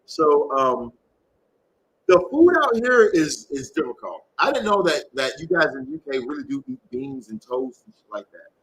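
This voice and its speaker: Male livestream tarot host: high, bouncy voice, crisp tone, rambling and profane, reading chat aloud. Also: very animated, normal speed, a bit bright, low-quality recording. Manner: rambling, profane, reads viewer comments aloud. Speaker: tarot reader hosting a livestream.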